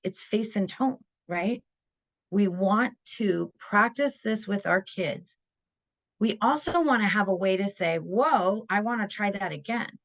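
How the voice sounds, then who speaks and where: A middle-aged woman presenting a parenting webinar in a casual, animated way, acting out quoted voices. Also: medium pitch.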